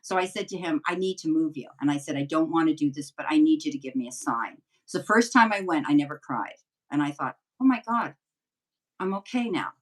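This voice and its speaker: A woman's voice: sits low, fast, recorded from a distance, poor audio. An older woman, a psychic medium guest, telling rambling, chatty anecdotes in a casual interview.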